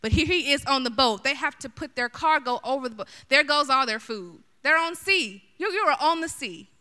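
Woman preacher, middle-aged, sermon, animated and chatty, bright voice, a bit high. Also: moderate pace. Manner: animated, chatty, addresses the audience directly.

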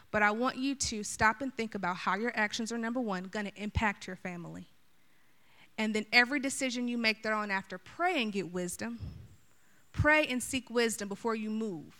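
A middle-aged woman preacher giving a sermon, animated and chatty, talking straight to her listeners. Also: mid-range voice, clean tone. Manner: animated, chatty, addresses the audience directly.

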